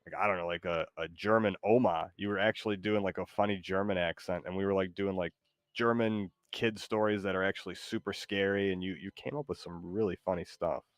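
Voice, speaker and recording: Rambling low-voiced male streamer. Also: steady tone, brisk, dry recording, studio quality. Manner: rambling, lots of fillers. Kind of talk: live stream chat.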